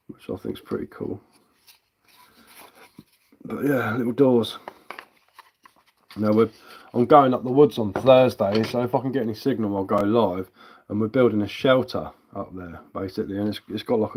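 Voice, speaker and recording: A man's voice: fairly low pitch, a little mellow, breathy edge. A man chatting casually on a live stream as a woodcarver, easygoing and answering viewer comments.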